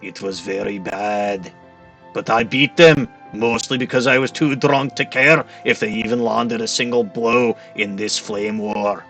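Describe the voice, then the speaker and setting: A man's voice: on the low side, a little slow, a bit bright, soft background music, voice pushed down. A man putting on a hot-tempered boozy Scotsman. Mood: boastful. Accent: put-on Scottish accent, admittedly poor. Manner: rolling brogue, drops in "laddie" and "aye". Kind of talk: let's-play character voice.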